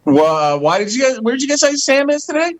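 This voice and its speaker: A man co-hosting a casual radio show, delivering dry, deadpan setups and stories. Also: very high-pitched, quick pace, rough recording.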